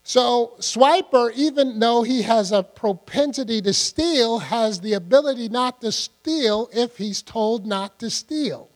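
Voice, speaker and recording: An older man delivers a conversational sermon in a high-pitched voice, often asking his congregation questions. The recording carries a long hall reverb, and a steady electrical hum runs underneath it. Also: measured pace, few pauses. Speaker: preacher.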